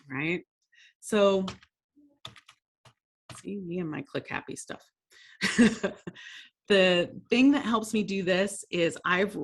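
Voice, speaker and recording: A woman's voice: lowish voice, a bit bright. A woman presenting a workshop lesson, telling stories in a conversational, self-deprecating way and laughing often.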